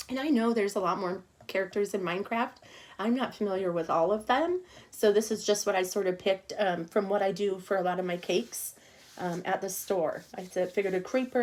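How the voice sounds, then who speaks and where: A middle-aged woman teaching an online cupcake decorating class, chatting casually and talking to herself as she works. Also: medium pitch. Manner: chatty, talks to herself while working, soft murmurs.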